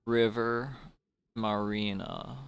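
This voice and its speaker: Gravelly low-voiced male streamer. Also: level tone, drawn-out words. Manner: wry, sarcastic remarks. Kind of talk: casual gameplay commentary.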